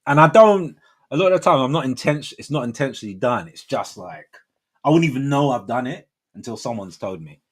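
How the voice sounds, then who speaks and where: A man's voice: medium pitch, lively intonation, fairly quick, slightly rough. A man in his forties hosting a livestream, chatting casually in slangy, rambling talk with frequent laughs. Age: 40s. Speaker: livestream host. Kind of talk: casual chat.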